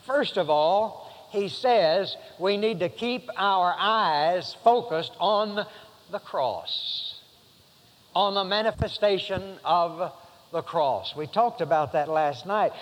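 Male preacher, high pitch, rambling then emphatic, long hall reverb. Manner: rambling, many fillers and restarts, rising to emphatic passages. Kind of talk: sermon.

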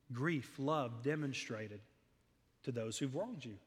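In a church sanctuary with long hall reverb, a middle-aged pastor preaches an earnest, storytelling sermon, his voice swelling on emphatic lists. His voice is mid-range and slightly rough, and he speaks a little slowly.

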